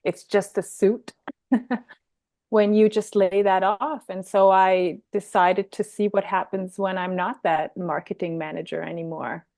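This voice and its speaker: A woman's voice: medium pitch, steady tone, a little slow, a little mellow, no room sound. Reflective Austrian woman, dry sound. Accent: Austrian German. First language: German. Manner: reflective, hesitant. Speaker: podcast co-host. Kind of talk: casual spiritual chat.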